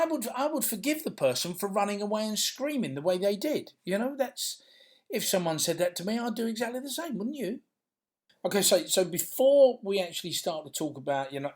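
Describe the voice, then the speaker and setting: Middle-aged male vlogger, fairly high voice, chatty and playful, keeps checking in with the viewer. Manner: chatty, tag questions like "yeah?", playful. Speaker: content creator and filmmaker. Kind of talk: casual talk to camera.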